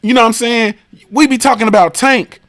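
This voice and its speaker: A man's voice: very high voice, fairly even intonation, a little fast, fairly bright tone. A man hosting a boxing stream, ranting in a profane, casual way and firing off repeated rhetorical questions. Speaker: boxing show host. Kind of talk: live-stream rant.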